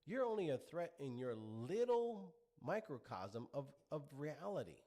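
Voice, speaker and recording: A middle-aged man holds forth in a preachy talk-show monologue. His pitch swings up and down as he drives home his points with rhetorical questions. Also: very animated, measured pace, mellow. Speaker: commentary show host. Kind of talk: opinionated monologue.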